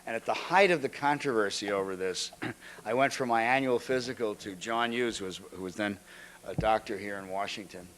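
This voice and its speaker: An older man giving an anecdotal lecture, halting often, restarting phrases and clearing his throat. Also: on the low side, fairly bright tone, a little hiss or hum. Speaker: guest lecturer. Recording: archival lecture recording.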